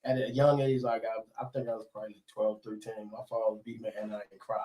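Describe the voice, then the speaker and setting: A man in a casual talk show, telling stories in an animated, profane way. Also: on the low side, fast talker, crowd noise, rough recording. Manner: animated, profane storyteller who acts out quotes. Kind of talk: casual storytelling chat.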